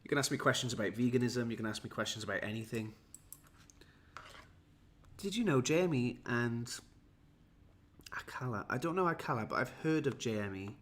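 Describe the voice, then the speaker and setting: A man's voice: medium pitch, animated, normal speed, pauses often, fairly bright tone. A tired, jetlagged man from Wales, rambling and self-mocking as he chats with viewers on a livestream. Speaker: livestream host. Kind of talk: casual livestream chat.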